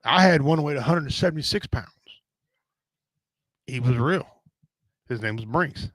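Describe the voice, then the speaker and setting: A middle-aged man chats casually as a show host, rambling from point to point in a blunt, folksy way. His voice sits at an ordinary pitch. The recording is dry and close, with no room sound. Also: lively intonation, moderate pace, fairly bright tone, no room sound, poor audio. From Native American. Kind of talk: casual chat.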